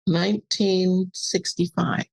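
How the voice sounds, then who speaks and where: A woman's voice: lowish voice, little pitch movement, slow, creaky, darkish tone. An older woman, a podcast guest, telling a personal story in a casual interview and acting out the dialogue animatedly.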